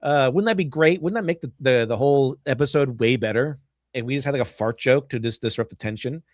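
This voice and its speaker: Man, casual podcast chatter, rambling, laughs a lot, mid pitch, dry close sound. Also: quick pace, no room sound. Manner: rambling, laughs often, many restarts. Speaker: podcast host. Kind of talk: casual chat.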